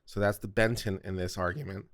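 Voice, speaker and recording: A man's voice: sits low, fairly even intonation, a little fast, no room sound, studio quality. A man from South Carolina hosting a casual commentary on court audio, chatty and digressive with jokey asides. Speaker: host reacting to court audio.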